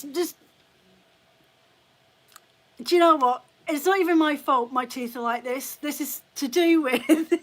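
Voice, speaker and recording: A woman's voice: high-pitched, fairly bright tone. A middle-aged British woman who runs a fibre shop, chatting bluntly and casually on a live stream and swearing freely. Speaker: fibre shop owner hosting a live chat.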